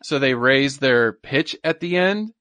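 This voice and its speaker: A man's voice: medium pitch, animated, unhurried, pushed and bright, no room sound. A man in his thirties co-hosting a podcast in casual chat, enthusiastic and repeating words for emphasis. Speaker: podcast co-host.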